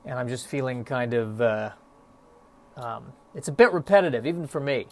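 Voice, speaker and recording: A man's voice: mid-range voice, expressive, normal speed, darkish tone. A young man hosting a solo podcast, musing in a stop-start, self-deprecating way with lots of fillers, a little out of breath. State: a bit out of breath. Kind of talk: rambling solo podcast monologue.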